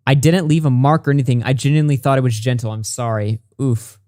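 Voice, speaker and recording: A man's voice: mid-range voice, fairly even intonation, warm tone, no echo, clean studio sound. A man hosting a commentary show, reading messages and reports aloud and reacting bluntly, with plenty of swearing. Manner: blunt, profane, reads texts quickly. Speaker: commentary channel host.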